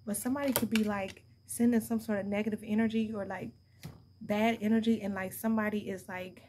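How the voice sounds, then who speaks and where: A woman's voice: mid-range voice, steady tone, a little fast, a little mellow, slight background noise. A young adult woman giving a casual tarot reading to her viewers, blunt and profane, laughing often as she talks. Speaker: tarot card reader.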